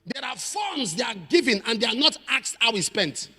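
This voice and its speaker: A male preacher telling a dramatic story in a sermon, acting out the voices of the people in it and building to shouted prayer. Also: extremely high pitch, very animated, moderate pace, husky, long reverb tail, soft background music. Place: church.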